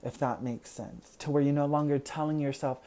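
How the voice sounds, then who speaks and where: Speaking straight to the viewer, a tarot card reader gives an earnest, reassuring pick-a-card reading in a warm, medium-pitched voice that moves fairly quickly with fairly even intonation. "You know" comes up constantly, and when words escape them they laugh at their own slips.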